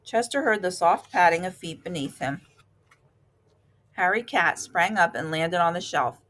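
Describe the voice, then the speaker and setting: A woman reads a children's chapter book aloud at an even, unhurried clip. Her voice sits a little low and the narration stays calm and steady. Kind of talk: storybook read-aloud.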